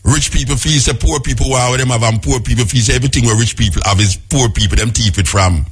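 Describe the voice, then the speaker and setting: A man's voice: mid-range voice, fast talker, slight background noise. A middle-aged man with a Jamaican accent, delivering an impassioned radio talk monologue as host, firing off repeated rhetorical questions and lists.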